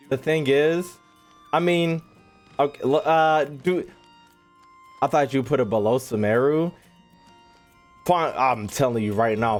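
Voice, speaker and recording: A young man, a gaming YouTuber, ranting casually and animatedly, swearing and repeating himself as he ranks game regions. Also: medium pitch.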